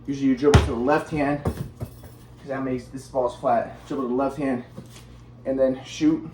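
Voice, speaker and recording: A man's voice: mid-range voice, fairly even intonation, normal speed, mellow, reverberant, a little hiss or hum. A man telling a personal story in a casual, rambling monologue, repeating himself while demonstrating moves.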